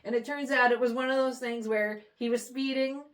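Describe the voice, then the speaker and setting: Lively woman telling a story, higher voice. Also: fairly quick. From St. Louis area, Missouri. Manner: animated storyteller, acts out quoted voices. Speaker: podcast co-host. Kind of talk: casual chat, anecdote telling.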